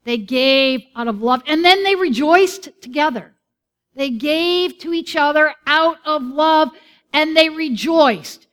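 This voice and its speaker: A woman's voice: high-pitched, slow, fairly bright tone. A woman pastor preaching and leading her congregation in a church. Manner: encouraging, leads the congregation in song. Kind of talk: sermon with congregational singing. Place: church sanctuary.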